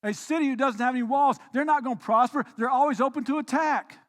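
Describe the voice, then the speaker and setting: A man pastor preaching a sermon, swinging between quiet reflective passages and emphatic, raised exhortations. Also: very high-pitched, quick pace. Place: church.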